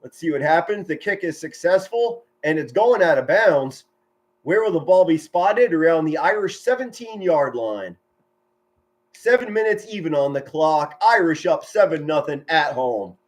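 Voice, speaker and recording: A man calling a football game play by play from his home, with a somewhat high voice. He talks with energy and a chatty, folksy manner, drifting into friendly asides between plays. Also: lively intonation, moderate pace. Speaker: amateur play-by-play commentator. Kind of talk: live-streamed play-by-play commentary. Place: home, indoors.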